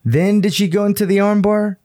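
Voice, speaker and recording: A man's voice: high voice, fairly even intonation, fairly quick, dark tone. A man co-hosting a podcast who chats casually about fights, swears freely and slips words into his talk. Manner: swears a lot, drops into Spanish words. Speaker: podcast co-host.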